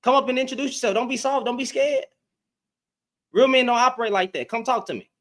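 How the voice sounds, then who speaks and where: A man's voice: extremely high pitch, fast, fairly bright tone. A man hosting a casual livestream, talking straight to his chat with a lot of repetition and taunting. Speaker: livestream host. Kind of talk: casual live-stream commentary.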